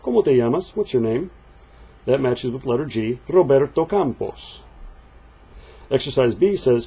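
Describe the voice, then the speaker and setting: A man walking through a Spanish textbook page, patiently explaining and reading the example phrases slowly. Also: medium pitch, dark tone, husky, lo-fi sound. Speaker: Spanish teacher. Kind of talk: textbook walkthrough lesson.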